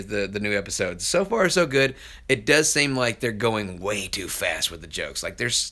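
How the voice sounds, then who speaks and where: A male voice actor hosts a live stream and chats loosely about viewer questions, laughing often and restarting his sentences. His voice sits a little low but has a bright, forward edge. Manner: rambling and chatty, with frequent laughs and restarts. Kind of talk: casual live-stream chat answering viewer comments.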